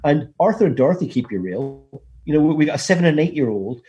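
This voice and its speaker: A man's voice: on the high side, expressive, fast, mellow, highs cut off, faint music behind. A British man talking as a podcast guest, enthusiastic and emphatic. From Britain. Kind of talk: casual chat.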